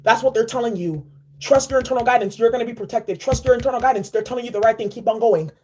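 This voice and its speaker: A woman giving a casual spiritual card reading, animated and slangy, repeating key phrases. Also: on the high side, fast talker, a little hiss or hum. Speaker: tarot and oracle card reader.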